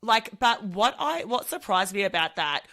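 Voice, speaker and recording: A woman, a podcast co-host and mother, telling a parenting story in casual chat and acting out her toddler's crying voice. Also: moderate pace. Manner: animated retelling, acts out her toddler's shrill crying voice.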